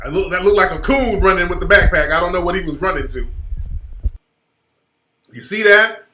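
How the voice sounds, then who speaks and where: A man's voice: high voice, normal speed, slight background noise. A man hosting a radio show, giving emphatic, slangy commentary over a video clip. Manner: emphatic, slangy, rising loud when worked up. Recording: roomy echoey sound.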